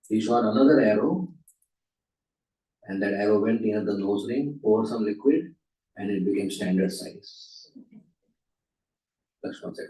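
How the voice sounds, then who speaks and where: A man's voice: lowish voice, slow, long pauses, warm tone. A man telling a story dramatically as the speaker at a temple class, recorded in a roomy hall from a distance. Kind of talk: storytelling lecture.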